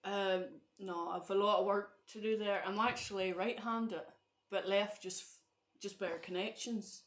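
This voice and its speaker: A woman's voice: medium pitch, fairly even intonation, a little slow, echoey room. A woman answering in a casual interview, modest and hesitant with many fillers. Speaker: guest athlete.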